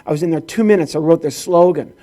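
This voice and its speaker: A man's voice: on the high side, fast, dark tone. A middle-aged man from the rural Midwest doing stand-up comedy at a corporate event, telling stories with acted-out dialogue. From rural Illinois, US Midwest.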